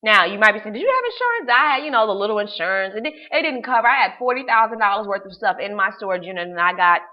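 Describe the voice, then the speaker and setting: A woman's voice: medium pitch, fast. Emphatic woman coach, muffled recording. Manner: casual and emphatic, repeats words for stress, uses slang. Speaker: life coach teaching an online class. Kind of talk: motivational class talk with personal storytelling.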